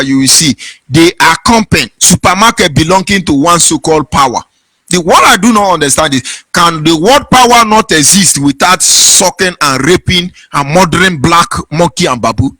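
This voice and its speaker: Fervent Nigerian man, high bright voice. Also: dry recording. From southeastern Nigeria. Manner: fervent, sing-song preaching cadence. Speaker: online broadcast host. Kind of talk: impassioned political monologue.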